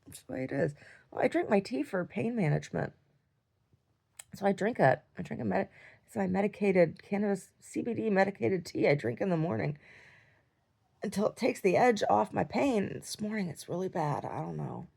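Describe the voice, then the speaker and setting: In her casual video diary, a woman who lives with chronic pain tells a rambling story about a dream, stumbling through fillers and restarts. Her medium-pitched voice is creaky, breathy and a little mellow, with lively intonation at a moderate pace, and she performs quoted lines in a raised voice.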